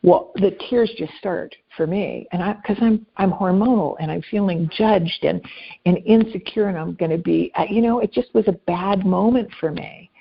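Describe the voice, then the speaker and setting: Woman, earnest storyteller, gravelly, breathy edge. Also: medium pitch, moderate pace, dull audio. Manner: earnest, anecdotal, speaks softly at emotional moments. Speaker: podcast guest. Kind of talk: conversational storytelling.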